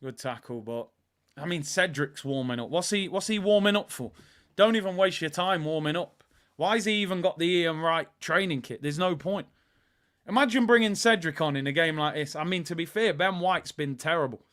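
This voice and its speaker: A man's voice: fairly high pitch, normal speed. A man hosting a live football watch-along, ranting in exasperation as he talks over the match. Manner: exasperated, ranting, swings between mutters and shouts.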